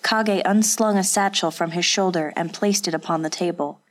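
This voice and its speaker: An audiobook narrator reads a historical story in steady, scripted narration. Her voice is somewhat low, and she keeps an even, measured storytelling pace.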